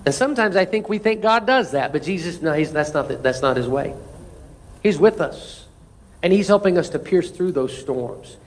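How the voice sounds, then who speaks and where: A man's voice: a little high, animated, normal speed, a little hiss or hum. A male pastor preaching a sermon, leading the congregation in call-and-response and repeating key lines for emphasis.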